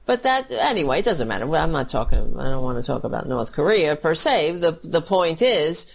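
A man's voice: a little high, very animated, brisk, vocal fry, a bit bright. A man ranting at length about politics, angry, mocking and profane, as a solo commentator.

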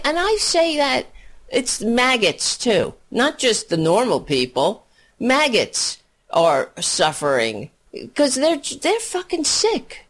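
A hoarse woman doing a profane, scornful political rant on a livestream, often clearing her throat and laughing. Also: a little high. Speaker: political commentator.

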